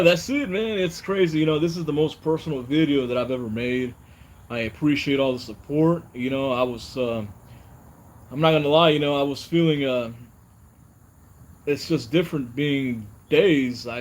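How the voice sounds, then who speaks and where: Young guy rambling through a personal fishing vlog, says you know a lot, bit of cricket noise behind. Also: mid-range voice. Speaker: fishing channel host. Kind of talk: casual personal vlog talk.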